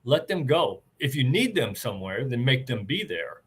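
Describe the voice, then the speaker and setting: A man's voice: medium pitch, very animated, normal speed, breathy edge. An older man, a retired army officer, talking earnestly and plainly about leadership as an interview guest.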